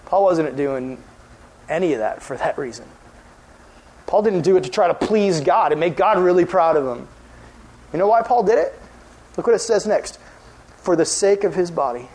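A young youth pastor delivers a sermon to teenagers in a high, earnest voice. He climbs when he stresses a point and turns quiet and gentle when he makes an appeal. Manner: earnest, rises in pitch when emphatic, drops soft on appeals.

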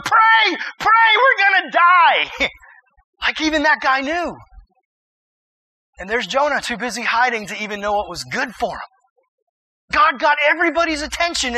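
A man preaching a sermon in an animated way, acting out the characters in the story and building up to shouts. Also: a little high, husky, low-quality recording.

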